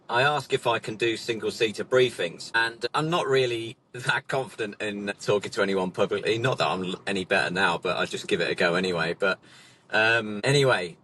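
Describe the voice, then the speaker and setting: A man's voice: on the low side, fairly bright tone. A middle-aged man, a racing instructor, telling a rambling, self-deprecating anecdote from his car while sat in traffic. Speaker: racing instructor and vlog host. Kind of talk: casual anecdote.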